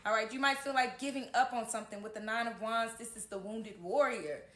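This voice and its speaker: A woman's voice: on the high side, fairly quick, background noise. A woman giving a casual tarot horoscope reading, earnest and encouraging, often checking in with "okay?", recorded in an echoey room at home. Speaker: tarot reader.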